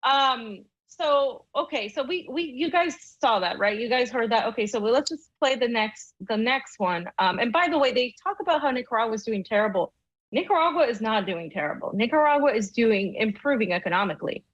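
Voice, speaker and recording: Female co-host, fairly high voice, casual rambling commentary, dry lo-fi sound. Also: expressive, fairly quick, dry recording. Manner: casual, filler-heavy, restarts often. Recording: dry, dull lo-fi mic.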